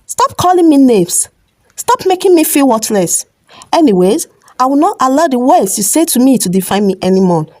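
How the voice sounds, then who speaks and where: Woman doing a young wife in a storybook, calm but firm, higher and a bit brighter than her usual voice, dry close sound. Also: no echo. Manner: calm, firm, measured pleading. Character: young wife standing her ground firmly.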